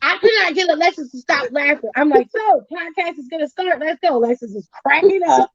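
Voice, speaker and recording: High-voiced woman telling a heated story. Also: fairly quick, dry recording, lo-fi sound. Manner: animated storytelling, acts out quotes, swears freely. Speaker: podcast host. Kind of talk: casual chat.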